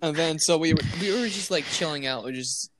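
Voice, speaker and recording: In a noisy home recording with crowd noise behind him, a young podcast co-host rambles through a funny story in casual chat. He talks fast in a voice on the high side, quoting his friends and often breaking into laughter.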